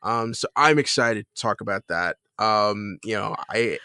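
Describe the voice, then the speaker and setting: A man's voice: fairly low pitch, unhurried, sharp tone, clear, resonant tone, dry recording, studio quality. A man co-hosting a podcast in casual chat, rambling with many fillers and restarts, laughing as he retells a scene. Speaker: podcast co-host.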